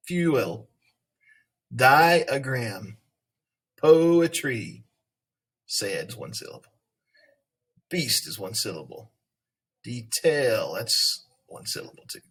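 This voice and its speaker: A man's voice: medium pitch, fairly bright tone, slightly rough. A male teacher giving an online reading lesson, patiently talking students through a spelling list word by word.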